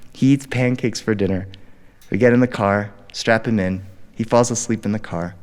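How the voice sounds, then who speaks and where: A man telling a family story live in a studio, animated and dramatic. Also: fairly low pitch, normal speed, big-room sound. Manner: animated, dramatic, jumps into character voices. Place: recording studio.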